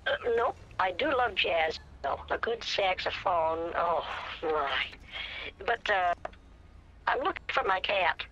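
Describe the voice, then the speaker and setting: A woman's voice: on the low side, lively intonation, takes it slowly, a bit bright, highs cut off, a little hiss or hum. A woman playing a prim, genteel old woman in an online game role-play, speaking hesitantly and trailing off with little "oh, my"s. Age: older. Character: prim old woman searching for her cat.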